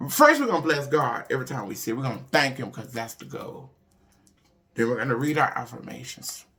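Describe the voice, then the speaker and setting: A woman, hosting a casual motivational talk for her viewers, animated and emphatic, swinging between loud bursts and hushed asides. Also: extremely low pitch, a little fast. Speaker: online show host.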